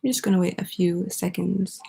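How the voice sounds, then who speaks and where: A woman teaching an online English grammar lesson, explaining step by step and pausing for student answers. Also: fairly low pitch, gravelly, dark tone, slightly rough.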